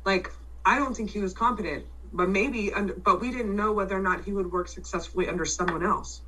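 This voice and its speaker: A woman in casual chat, loud and blunt, swearing freely and restarting her sentences as she tells a story. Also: medium pitch, brisk, slightly rough, distant mic, poor audio.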